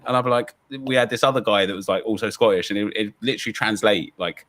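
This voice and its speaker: Man, very deep voice, bright tone, laid-back, fillers, casual stream chat. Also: fast talker, a little hiss or hum. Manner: laid-back, many fillers, laughs while talking.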